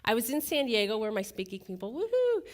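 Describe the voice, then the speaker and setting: A woman giving a live motivational keynote, telling a personal story with animated delivery and questions to the audience. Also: mid-range voice, fast talker.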